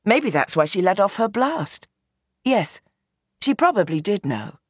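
A woman reading a novel aloud in measured, tense scripted narration. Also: medium pitch, very animated, slightly rough, no echo, studio quality. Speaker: audiobook narrator.

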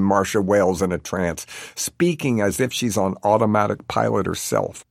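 Male audiobook narrator, low gravelly voice, wry deadpan reading, dry close recording. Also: normal speed, no room sound.

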